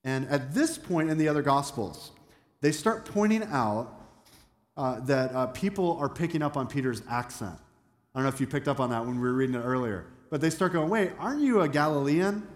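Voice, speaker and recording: A man's voice: medium pitch, fairly quick. A man preaching a sermon as a pastor, talking conversationally and asking the congregation questions. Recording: echoey hall with long reverb.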